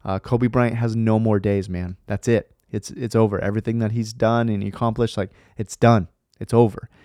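A man's voice: fairly low pitch, little pitch movement, normal speed, darkish tone, no echo, studio quality. A man in his thirties hosting a faith podcast, talking earnestly and rambling with fillers and restarts. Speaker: podcast host. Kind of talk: casual faith podcast talk.

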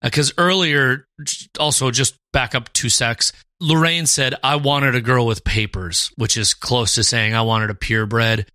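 A man co-hosting a podcast in casual chat, animated and quoting lines in put-on voices. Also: mid-range voice, unhurried, no echo. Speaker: podcast co-host.

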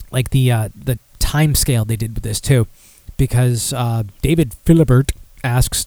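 A man's voice: mid-range voice, a little mellow, dry recording. Man, podcast host, rambling, sardonic, dry close sound. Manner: rambling, sardonic, many fillers and restarts. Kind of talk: casual solo podcast commentary.

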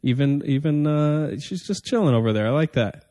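A man co-hosting a casual podcast chat in a deadpan, monotone way, recorded in an echoey warehouse room. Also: fairly high pitch, moderate pace. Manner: deadpan, self-described monotone. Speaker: podcast co-host. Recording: room reverb, faint music.

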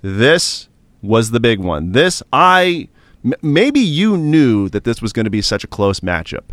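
Male host, casual chat, very expressive pitch, dry booth sound. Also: measured pace, no echo. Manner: animated and chatty, recapping results. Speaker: podcast host.

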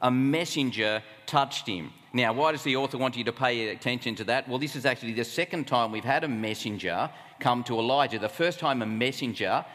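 A man's voice: mid-range voice, fast talker, hardly any pauses, a bit bright. A man with an Australian accent preaching a sermon at a camp, conversational and full of rhetorical questions. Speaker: camp speaker. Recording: long hall reverb.

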